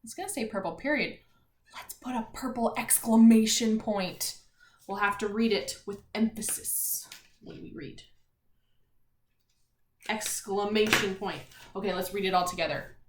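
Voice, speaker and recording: In a mid-range voice, a woman teacher helps young children with reading and spelling, pronouncing letters and words clearly and with encouragement. The sound is roomy, with slight background noise.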